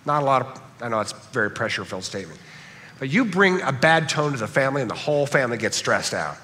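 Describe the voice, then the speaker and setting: Bright-voiced man preaching in a hall. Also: medium pitch, very animated, fast talker. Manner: earnest, repeats key phrases for emphasis. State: dry cough. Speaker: pastor. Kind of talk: sermon.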